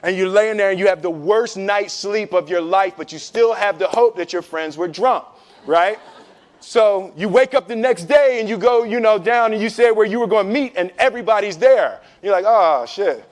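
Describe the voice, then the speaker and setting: A man telling a lively personal story to an audience, laughing often and restarting his words as he goes. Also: high-pitched, moderate pace. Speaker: guest speaker telling a story. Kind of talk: animated anecdotal storytelling.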